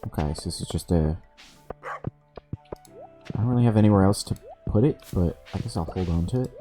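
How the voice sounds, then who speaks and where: A man's voice: low voice, normal speed, mellow, soft background music. A man streaming a video game on a desk microphone, casually telling stories between moves, swearing freely and laughing along the way. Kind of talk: casual storytelling while gaming.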